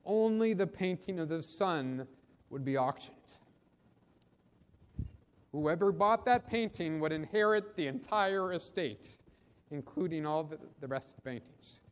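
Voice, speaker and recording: A preacher acting out a firm auctioneer who pushes the bidding with a raised, fairly high voice. He keeps pressing the room for bids, and his words ring with the long reverb of a large hall. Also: animated, unhurried. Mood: solemn. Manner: insistent, calling out bids. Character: auctioneer, a firm older man.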